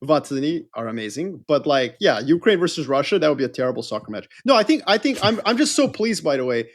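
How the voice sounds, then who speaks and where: Animated man, jumping high in pitch. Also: quick pace. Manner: animated, rambling, jokey. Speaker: podcast co-host. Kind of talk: casual chat.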